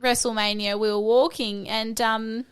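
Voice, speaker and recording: A young woman with an Australian accent co-hosts a casual podcast and tells stories in a lively, freely swearing way. Her voice sits a little high and sounds smooth and clear. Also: normal speed. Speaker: podcast co-host. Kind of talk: casual chat.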